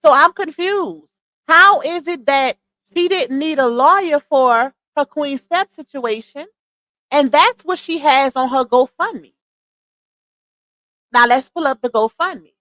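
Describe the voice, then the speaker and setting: Speaking slowly with a bright, forceful tone, this sassy woman streamer offers incredulous live commentary in a high voice. She addresses viewers as "y'all" and "baby," and the audio is dry and rough.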